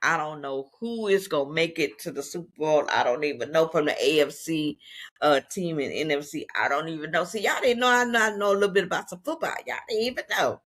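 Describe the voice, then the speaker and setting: A woman's voice: sits low, a little fast, a bit bright. A woman with a Southeast Texas accent, talking casually and unscripted to her viewers in a chatty, folksy way. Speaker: vlogger.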